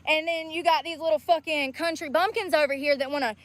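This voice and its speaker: Out on the street, a homeless livestreamer vents in an angry, profane rant, picking fights as she goes and sounding worn out and in pain from all the walking. She has a high, fairly bright voice with fairly even intonation and speaks a little fast.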